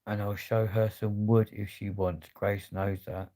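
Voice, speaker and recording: A man's voice: fairly low pitch, level tone, measured pace, dark tone. A man chatting casually on a livestream, swearing freely in laddish banter. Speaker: livestream host.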